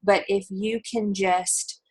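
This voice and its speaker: A woman's voice: mid-range voice, level tone, takes it slowly, a little mellow, breathy edge. A woman giving an earnest, encouraging talk to fellow team leaders on a video call.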